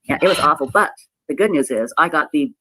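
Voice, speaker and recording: A woman telling a personal story in a halting, emotional way, often repeating herself and close to tears. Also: low-pitched, lively intonation, fairly bright tone, breathy edge, no room sound, rough recording. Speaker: website owner telling her story. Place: played clip of a livestream.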